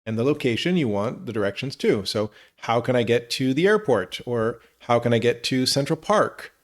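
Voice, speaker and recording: A man teaching English, reading example questions slowly and clearly for learners. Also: medium pitch, expressive. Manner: slow, clear model phrases for learners. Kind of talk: scripted lesson narration.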